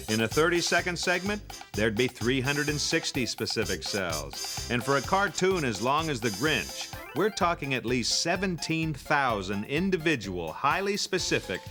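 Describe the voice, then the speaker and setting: A man hosting a documentary in playful, scripted narration. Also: medium pitch. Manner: lively, playful. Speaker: host.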